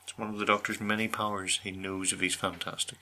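A man's voice: lowish voice, level tone, fast talker, noisy background. A man co-hosting a casual podcast chat, bantering in a dry, teasing way. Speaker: podcast co-host.

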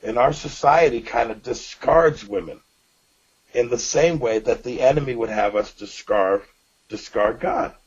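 A man's voice: mid-range voice, unhurried, lo-fi sound. A man co-hosting a faith-based talk show, speaking in an earnest, preaching way. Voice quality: raspy. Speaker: co-host.

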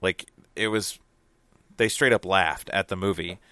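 A man's voice: low voice, fairly even intonation, a little slow, bright, forceful tone, no room sound. A man in casual podcast chat, rambling with lots of fillers and restarts. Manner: rambling, hesitant, many fillers. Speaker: podcast co-host reviewing a film.

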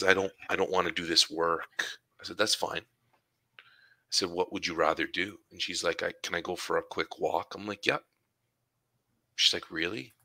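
A man with a very deep, strikingly bright and forceful voice talks casually about his work as a supply teacher. He tells his stories by acting out what he and his students said. The sound is dry and close, with no room echo. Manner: storytelling, acts out dialogue with students. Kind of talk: casual conversation.

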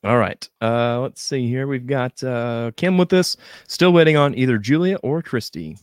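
A man's voice: medium pitch, normal speed, smooth, no echo, studio quality. A man hosting a casual podcast in an easygoing way, laughing often and reading out listener comments. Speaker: podcast host.

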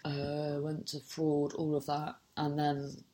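A woman's voice: low voice, completely flat delivery, slow pace, dark tone. A woman telling a story in casual chat, exasperated and swearing freely, often cutting herself off mid-sentence.

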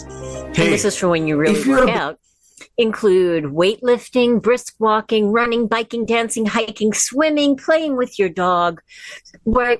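A woman leads a casual home livestream, talking to her viewers in a chatty, encouraging way. She slows down and lingers when she paints a picture for them. Her voice sits at an ordinary pitch and sounds dry and close. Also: no echo. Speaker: wellness host. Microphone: device camera.

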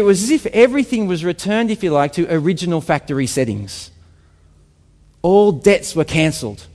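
A man preaching a sermon to a congregation, emphatic, with rhetorical questions and quieter reflective passages. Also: on the high side, long reverb tail. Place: church hall with congregation.

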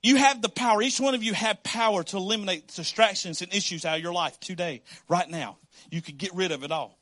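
A man preaching a sermon as pastor, emphatic and animated, acting out the voices he quotes and swinging from loud to hushed. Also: sits high, fairly quick, no echo.

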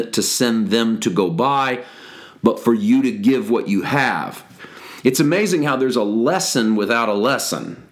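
A pastor with a mid-range voice gives a conversational devotional Bible teaching for a podcast, occasionally stopping to correct himself and begin again.

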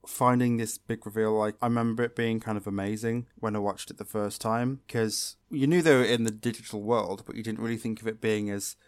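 A man's voice: fairly low pitch, fairly even intonation, fairly quick, hardly any pauses, smooth, no room sound. A man co-hosting a podcast, recapping episodes in a sarcastic, chatty way. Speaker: podcast co-host. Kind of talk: casual podcast chat.

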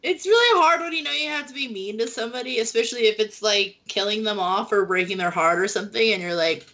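A woman hosting a casual panel chat, an animated storyteller who acts out quotes from her writing life. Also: medium pitch, quick pace, rough recording. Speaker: podcast host, romance author.

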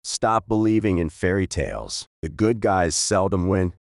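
A calm, thoughtful older man who reasons things through aloud, as voiced by a male narrator. He speaks in a measured, gentle way with a deep voice. The recording is dry and close. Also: no room sound. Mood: reasoning.

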